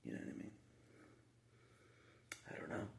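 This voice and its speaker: A man's voice: normal speed, in a whisper. A man talking casually to the camera in a rambling monologue, repeating himself with frequent asides.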